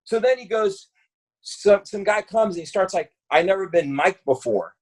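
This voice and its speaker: A man's voice: sits high, normal speed. A man, telling stories in a casual podcast chat, acting out the voices of the people he quotes. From Brooklyn, New York. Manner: animated, acts out quoted voices, lots of swearing and fillers. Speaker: podcast guest. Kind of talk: casual storytelling.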